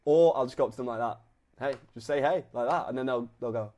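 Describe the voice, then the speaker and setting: Laid-back young British personal trainer. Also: male voice, medium pitch, rapid-fire, dark tone. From Britain. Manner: laid-back, acts out both sides of conversations. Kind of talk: casual coaching talk to camera.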